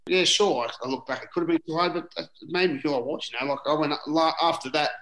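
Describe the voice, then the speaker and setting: A man's voice: on the high side, quick pace, a bit bright, slight background noise. A middle-aged Australian man, a former rugby league player, telling rambling stories in a casual interview, full of "you know" and the odd swear. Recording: roomy echoing room.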